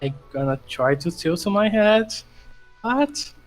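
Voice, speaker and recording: A man in a tabletop game session, speaking slowly in a high, lively voice. He makes casual, joking remarks, with faint music in the background. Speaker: player.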